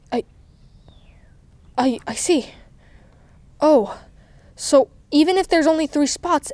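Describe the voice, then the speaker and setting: Voicing all the toys herself, a woman tells a playful, animated doll story. Her pitch is very high and girlish, swooping up and down with each character switch, captured in a dry recording.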